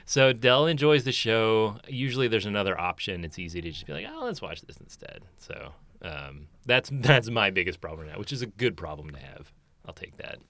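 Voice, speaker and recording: A man co-hosting a podcast, his lowish voice rising and falling a lot as he tells stories. He sounds wry and exasperated. The recording is close and dry, with no room sound. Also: expressive, normal speed, a bit bright, no room sound. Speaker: podcast co-host. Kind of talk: casual chat.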